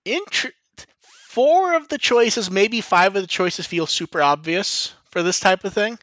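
Bright, dry-voiced man rambling casually. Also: high voice, animated, unhurried, dry recording. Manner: rambling, frequent 'like' and restarts, swears casually. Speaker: podcast host. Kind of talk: casual chat.

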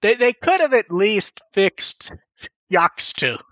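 A man hosting a podcast in casual chat, rambling and animated, swearing casually. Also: high-pitched, slow, no room sound, muffled recording. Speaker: podcast host.

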